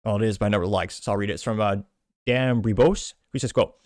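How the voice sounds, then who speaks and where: A man's voice: on the low side, fast talker, a little mellow, no echo. A man hosting a show, casually reading out social media posts with frequent stumbles and self-mocking asides. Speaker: show host.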